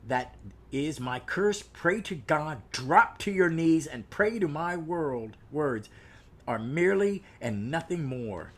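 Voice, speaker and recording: A man's voice: on the high side, expressive, a bit bright, full character voice. A man reading as a cursing ghost pirate. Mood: grim cursing. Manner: slow, solemn dramatic reading. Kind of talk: reading a comic aloud.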